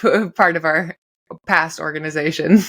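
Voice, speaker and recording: A woman's voice: deep voice, moderate pace, fairly bright tone. A pregnant woman co-hosting a podcast, telling stories in casual chat and laughing often. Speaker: podcast co-host.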